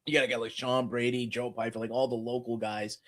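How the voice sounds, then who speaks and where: A man's voice: medium pitch, little pitch movement, a little fast, a bit bright. A man co-hosting a podcast, chatting casually about fight betting with lots of "you know" fillers. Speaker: podcast co-host. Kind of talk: casual sports betting chat.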